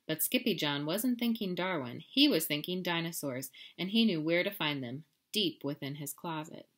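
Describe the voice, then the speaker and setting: A woman's voice: deep voice, animated, normal speed. A woman teacher giving casual class announcements with many filler ums, then reading a picture book aloud.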